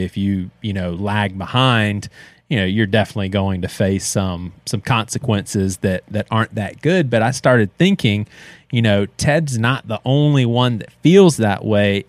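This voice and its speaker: A man in his thirties co-hosting a podcast, telling a story in a casual, animated way and laughing as he goes. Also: lowish voice, no room sound. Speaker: podcast co-host.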